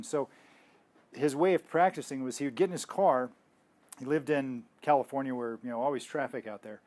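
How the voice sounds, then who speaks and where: A man's voice: mid-range voice, moderate pace, a little mellow. A man teaching in a casual faith talk, rambling with restarts and telling stories. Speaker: health ministry teacher.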